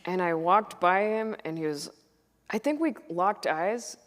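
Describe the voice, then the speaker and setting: A woman comedian in her thirties tells stories onstage with a lively, swooping pitch, acting out what people said with sudden high, excited bursts. Her voice carries a long hall reverb from the auditorium around her. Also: a little slow, a little hiss or hum. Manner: animated storyteller, acts out quotes with bursts of high excited voice. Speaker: comedian and guest. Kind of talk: casual onstage conversation. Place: stage in an auditorium.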